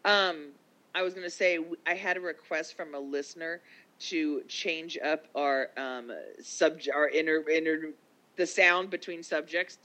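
A woman co-hosting a casual chat podcast, talking quickly with frequent laughs and quick asides. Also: low voice, a bit bright. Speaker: podcast co-host.

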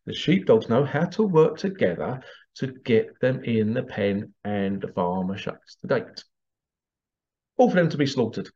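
A man's voice: medium pitch, animated, a little slow, mellow. A man talking in a rambling, casual monologue, chuckling now and then. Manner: rambling, chuckling, acts out bits in funny voices. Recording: slightly dull lo-fi audio.

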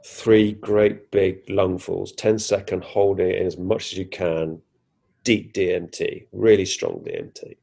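A man's voice: deep voice, animated, unhurried, gravelly, warm tone, husky. A man, a podcast guest animatedly retelling a personal experience, acting out his own reactions with frequent restarts. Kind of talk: casual first-person storytelling.

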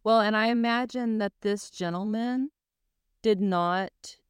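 A woman's voice: medium pitch, unhurried, smooth, no echo, clean studio sound. A woman co-hosting a podcast in casual chat, joking and adding wry asides. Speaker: podcast co-host.

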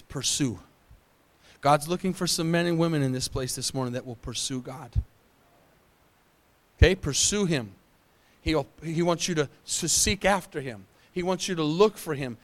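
A man preaching a sermon as a pastor, building to loud, fervent passages and calling out to the congregation. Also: sits high.

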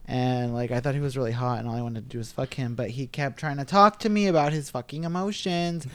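A man hosting a podcast, brash and sassy with plenty of swearing. His pitch sits in a middle range. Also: fast talker, fairly bright tone, smooth. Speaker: podcast host. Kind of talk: casual chat.

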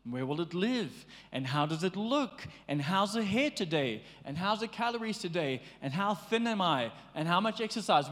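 A man preaching a sermon in a lively, conversational way, slipping into playful acted asides. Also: sits high, big-room sound. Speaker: pastor.

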